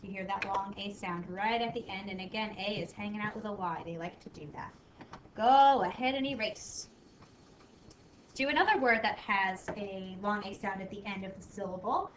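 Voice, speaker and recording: A woman teacher giving a spelling lesson to children, upbeat, sounding words out slowly. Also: mid-range voice. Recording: echoey room from a distance, faint noise.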